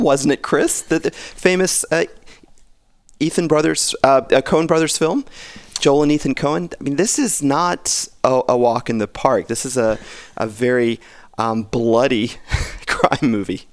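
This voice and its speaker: A man's voice: medium pitch, normal speed, dry recording. Wry joking man, dry sound. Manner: wry, joking, laughs often. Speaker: podcast guest commentator. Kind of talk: casual podcast chat.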